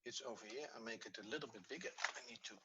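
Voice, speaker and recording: A man's voice: mid-range voice, very fast, muffled recording, heavy background noise. A man teaching a Hebrew lesson online, patiently explaining step by step and repeating points so they sink in. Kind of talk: online lesson, screen-sharing.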